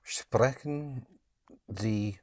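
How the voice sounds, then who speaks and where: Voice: mid-range voice, extremely slow, darkish tone. A learner tentatively repeating German words after the teacher. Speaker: language learner.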